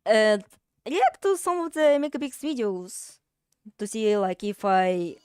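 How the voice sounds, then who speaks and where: Casual game streamer, woman, rambling and foul-mouthed, unhurried, dry close sound. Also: mid-range voice, sing-song, darkish tone, clear, resonant tone, dry recording. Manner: rambling, swears freely, many fillers.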